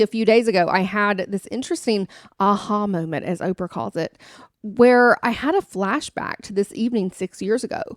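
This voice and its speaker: A woman's voice: medium pitch, no echo, clean studio sound. A woman in her thirties hosting a podcast, telling a personal story in an earnest, confiding way. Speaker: podcast host.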